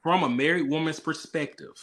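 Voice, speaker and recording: A man's voice: on the high side, fairly quick, fairly bright tone. Man, podcast host, casual recap chat, rambling and filler-heavy, video call.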